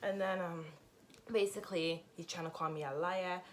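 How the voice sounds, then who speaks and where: A woman's voice: fairly low pitch, steady tone, normal speed, slight background noise. A young adult woman in a casual storytime vlog, telling her story candidly and expressively, with lots of fillers and swearing. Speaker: vlogger.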